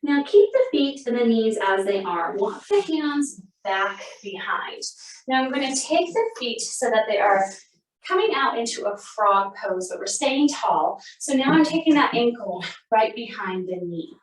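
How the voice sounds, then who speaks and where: Female yoga instructor, calm steady cues, mildly breathless, recorded from a distance in an echoey room. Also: fairly high pitch, unhurried. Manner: calm, steady cueing, breathing between phrases. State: a little out of breath. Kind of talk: guided yoga class instruction. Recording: roomy sound, mic at a distance.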